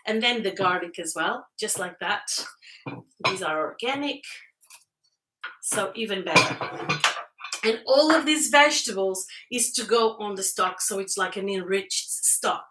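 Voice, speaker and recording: Slow, bright-voiced woman cooking live. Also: medium pitch, a little hiss or hum, poor audio. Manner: chatty, thanks viewers, frequent laughs. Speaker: cooking livestream host. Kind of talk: casual live cooking stream. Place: home kitchen.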